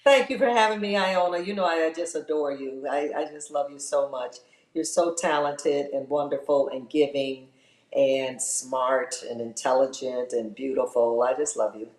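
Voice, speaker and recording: A woman's voice: a bass voice, normal speed, a little mellow, reverberant. A woman guest, a singer, speaking effusively and from the heart in an interview. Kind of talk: casual interview chat.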